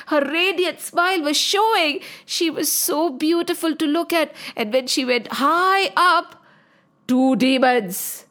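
A woman narrating a children's story in an animated, sing-song way. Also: high-pitched.

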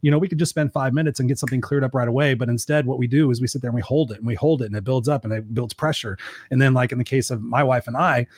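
A man hosting a podcast, talking in a rapid, earnest, conversational way about relationships. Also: mid-range voice, slightly rough, no room sound. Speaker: coach and podcast host. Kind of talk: casual conversation.

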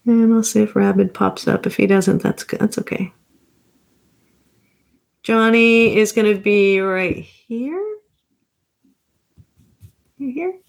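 A woman's voice: mid-range voice, slow pace, vocal fry, pauses often. A woman in her fifties, a therapist, chatting casually on a livestream, rambling and correcting herself with small chuckles. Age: 50s.

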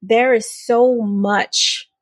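A woman hosting a podcast interview, talking in an effusive, animated way and making up words as she goes. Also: on the high side, extremely slow, no echo, studio quality. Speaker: podcast host. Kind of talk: casual interview chat.

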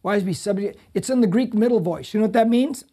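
A man's voice: high-pitched, animated, a little fast, gravelly, dark tone, breathy edge. A middle-aged man preaching a sermon as pastor, talking directly and conversationally to the congregation.

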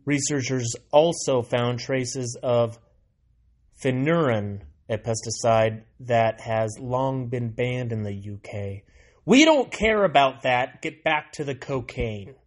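An American man hosting a sarcastic solo monologue, reading out a news item and breaking off into mocking asides that swing from loud to muttered. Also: mid-range voice, takes it slowly. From United States. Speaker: solo commentary host.

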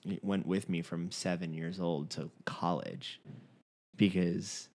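A young man from Long Island who trained as an actor, chatting casually in a lively, animated way with frequent restarts. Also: low voice, slow. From Long Island, raised in Fort Lauderdale. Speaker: actor and dialect coach. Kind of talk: casual conversation.

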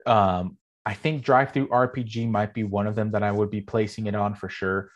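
A man's voice: fairly low pitch, fairly even intonation, fairly quick, few pauses. A man talking in a casual podcast chat, rambling with many fillers and telling stories with animation. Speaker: game master and guest.

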